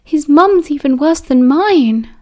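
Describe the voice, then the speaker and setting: A woman voicing a squeaky, touchy teenage boy in an audiobook, with a huffy manner. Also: normal speed, darkish tone, lightly acted.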